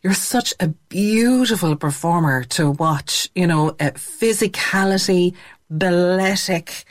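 A woman's voice: on the low side, takes it slowly, no room sound. A woman with a Cork Irish accent hosting a radio interview, gushing with enthusiastic praise for her guest. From Ireland. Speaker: radio host.

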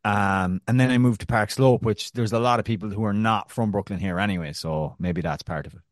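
A man from Arkansas co-hosts a casual sports chat with a lower voice and an animated, jokey way of talking. He laughs easily. The recording is close and dry, with no room sound. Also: a little fast, no echo. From Arkansas, USA. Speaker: podcast co-host.

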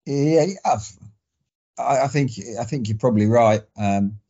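A man's voice: medium pitch, a little slow, dark tone, muffled recording. A man co-hosting a casual football podcast. He rambles and circles back with restarts and fillers. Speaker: podcast co-host. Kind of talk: casual sports chat.

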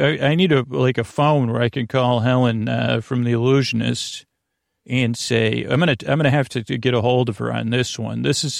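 A man hosting a sleep podcast, talking in a slow, meandering bedtime monologue that keeps drifting off topic and interrupting itself. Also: medium pitch, gravelly, no echo, clean studio sound. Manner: meandering, self-interrupting, soft-spoken.

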